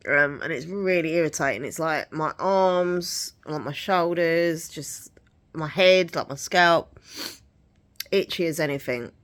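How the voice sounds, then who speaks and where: A woman's voice: low-pitched, a little slow, a bit bright. A woman chatting casually in a home vlog, rambling and giggly, her voice a bit nasal from hay fever. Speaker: vlogger.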